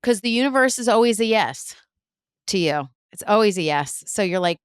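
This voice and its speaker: Smooth-voiced woman hosting a podcast. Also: mid-range voice, moderate pace, no room sound, clean studio sound. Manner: animated storyteller who acts out quotes. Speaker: podcast host and spiritual medium. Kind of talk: casual podcast conversation.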